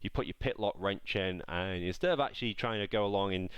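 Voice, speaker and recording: A man's voice: deep voice, fast, smooth, no echo, lo-fi sound. A man narrating a tabletop game as game master, describing scenes in a rambling way with many fillers.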